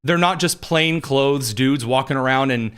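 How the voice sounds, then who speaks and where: A man's voice: mid-range voice, measured pace, fairly bright tone, clean tone. A male podcast host delivering political news commentary in a sarcastic, conversational, digressive way.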